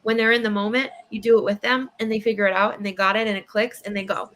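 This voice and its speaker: A woman's voice: medium pitch, quick pace, a little hiss or hum. A young woman, a child therapist, talking casually as an interview guest and animatedly acting out what kids say. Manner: animated, acts out kids' voices with laughs.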